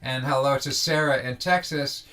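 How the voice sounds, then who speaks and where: A man hosting a daily online singalong, greeting viewers by name in casual, halting talk with many restarts over a video call. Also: medium pitch, pushed and bright. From Vermont.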